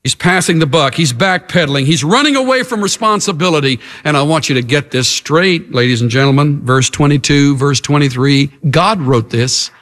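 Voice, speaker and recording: A male preacher delivers a sermon with an animated voice that swings widely in pitch. His delivery is emphatic and dramatic, and he addresses the congregation directly. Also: moderate pace, few pauses. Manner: emphatic and dramatic, acts out the characters.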